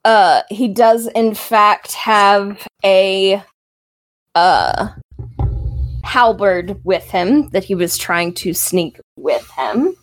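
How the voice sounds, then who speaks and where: Slow, hesitant woman game master. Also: medium pitch, expressive. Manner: hesitant, many fillers. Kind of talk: narrating a tabletop game.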